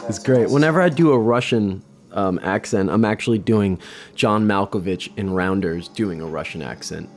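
A man's voice: lowish voice, moderate pace, a little mellow. Rambling guy chatting over a movie. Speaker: vlogger doing movie watch-along commentary. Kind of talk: casual commentary.

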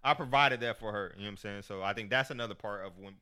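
Smooth-voiced man telling candid stories. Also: fairly low pitch, fast, sharp tone. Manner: candid, profane, storytelling. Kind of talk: casual chat.

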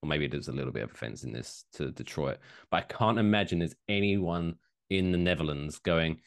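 A man co-hosting a casual podcast chat, animated and profane, slipping into mocking quoted voices. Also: very deep voice, a little fast, creaky. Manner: animated, swearing, jokey mock quotes. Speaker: podcast co-host.

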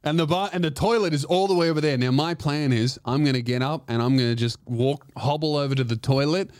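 A man telling a comedic story on his podcast, animated and swearing, acting out the other voices. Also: on the high side, fast talker, dry recording, clean studio sound.

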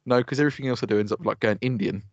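Speaking at a racing clip with a medium-pitched voice, this British podcast co-host trades sweary, teasing banter in relaxed, casual chat. There is no room sound at all, just dry, somewhat dull lo-fi audio.

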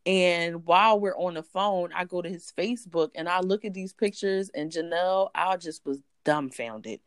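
A woman guest telling a personal story in an animated way, acting out the voices of others. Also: on the low side, moderate pace, clean tone, dry recording, clean studio sound. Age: adult. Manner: animated, acts out voices in quotes. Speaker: interview guest.

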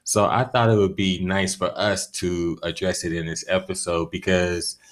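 A man's voice: sits low, fairly even intonation, moderate pace. A man hosting a podcast, steadily leading the talk and asking questions. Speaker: podcast host. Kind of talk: casual chat.

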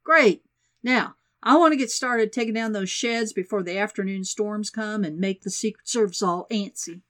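A woman's voice: mid-range voice, moderate pace, natural voice. A woman reading the lines of a brash, petty male president who blusters and boasts. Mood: cheery.

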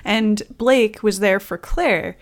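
A young woman co-hosting a podcast, chatting casually and giggling through a reality show recap. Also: medium pitch. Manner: chatty, giggly, quick asides. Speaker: podcast co-host.

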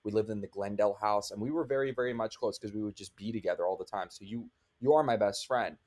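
A young man telling an animated, rambling story to his younger brother in casual chat. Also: lowish voice, fast talker. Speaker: podcast co-host, older brother.

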